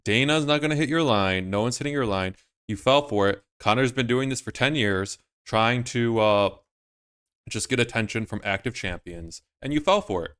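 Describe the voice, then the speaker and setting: A man hosts his own commentary video, with a rambling, emphatic, opinionated delivery. His voice sits at an everyday middle pitch. He hammers his points home and circles back to them. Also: animated, moderate pace, fairly bright tone, smooth. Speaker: MMA YouTuber host. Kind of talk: casual commentary.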